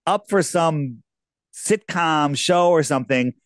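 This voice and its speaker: A man's voice: on the high side, slow, dry recording, studio quality. A man being interviewed as a guest, telling casual, rambling anecdotes with lots of restarts.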